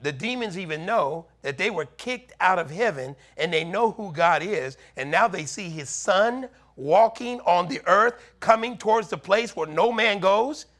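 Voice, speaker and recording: An animated male preacher delivers a sermon in a high, bright voice. He retells the scripture dramatically, slipping into the voices of worried neighbors and calling to his listeners directly. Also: a little slow, hardly any pauses. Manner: animated preaching, acting out townspeople's warnings.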